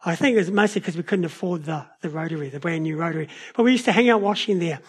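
A man preaches a sermon in a notably high voice. He tells stories in an animated way, shifting his pace and loudness as he goes. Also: quick pace, husky. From New Zealand. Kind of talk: sermon with personal storytelling.

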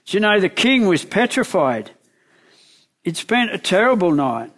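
A man preaching a sermon, retelling a Bible story in lively words and asking the listeners questions. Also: sits high, a little slow.

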